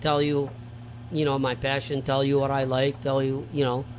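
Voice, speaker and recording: A man's voice: medium pitch, monotone, normal speed, slight background noise, poor audio. A man who owns a store, chatting casually and earnestly, with lots of fillers and restarts. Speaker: store owner. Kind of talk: casual chat. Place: store with background ambience.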